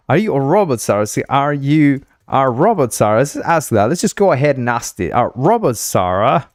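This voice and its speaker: A man from Uruguay chats on his livestream at a mid pitch, rambling, joking and laughing as he goes. He stumbles and restarts his sentences often. His voice sounds dry and close, with no room around it. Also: very animated, moderate pace, hardly any pauses, no echo. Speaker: livestream host. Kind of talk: casual livestream chat.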